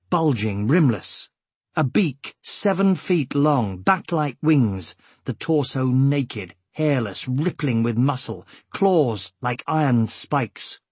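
A man narrates a story in a measured, deliberate way, letting dramatic moments sink in. His voice sits at an ordinary male pitch with a touch of huskiness. The sound is dry and close, with no room around it. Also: a little mellow, husky, no echo. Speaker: audiobook narrator. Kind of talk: scripted narration.

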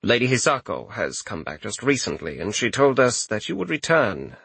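A man voicing a formal, loyal male chamberlain who speaks in a low, measured, deferential way. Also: big pitch swings, gravelly, fairly bright tone, slightly rough, no room sound, full character voice. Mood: grave.

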